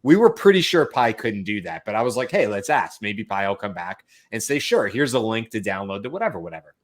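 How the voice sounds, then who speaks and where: A man hosting a podcast panel, telling stories in a casual, animated way and acting out the quotes. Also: lowish voice, fairly quick. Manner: animated storyteller, acts out quotes. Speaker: podcast host.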